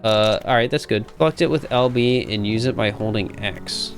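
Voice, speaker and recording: A man's voice: on the low side, normal speed, faint music behind. Playful man narrating his gameplay. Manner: playful, self-mocking, chatty. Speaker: gaming video creator. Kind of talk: casual let's play commentary.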